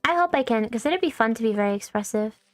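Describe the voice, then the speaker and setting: A young woman with a fairly high voice chats through a game stream, wandering from thought to thought with plenty of swearing and self-mocking jokes. Her voice sits close and dry on the mic, with soft music playing faintly underneath. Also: animated, fast, no room sound. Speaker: VTuber streamer. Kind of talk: casual gaming stream chat. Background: faint background music.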